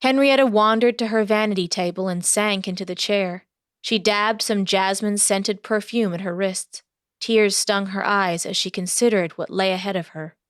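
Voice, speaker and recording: A woman narrating a historical novel audiobook in a steady storytelling voice. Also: medium pitch, moderate pace, clean tone, dry recording, studio quality.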